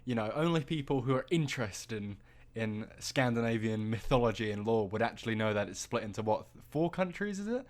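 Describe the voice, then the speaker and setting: A man's voice: medium pitch, animated, brisk, hardly any pauses. A young man co-hosting a podcast, rambling and teasing his friend in casual chat. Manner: rambling, teasing, trails off mid-sentence. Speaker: podcast co-host.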